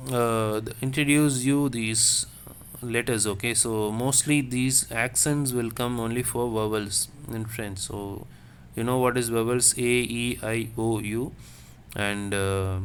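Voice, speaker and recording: A man teaching a French lesson, speaking slowly and repeating words, checking in with "okay?". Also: medium pitch, a bit bright, slight background noise. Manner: slow, repetitive, checks with "okay?". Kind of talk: classroom lesson.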